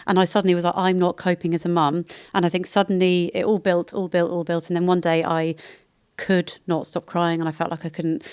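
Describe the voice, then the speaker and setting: Fast-talking British woman, chatty and rambling. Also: fairly low pitch, flat delivery, a little mellow, clean tone, dry recording, clean studio sound. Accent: British English. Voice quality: chatty, rambling, self-interrupting. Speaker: podcast guest. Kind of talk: candid casual chat.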